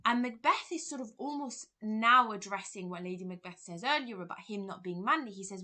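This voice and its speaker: A woman's voice: mid-range voice, expressive, a little fast, few pauses, sharp tone. A woman teacher and examiner, explaining a play in a revision lesson and paraphrasing quotes in plain words.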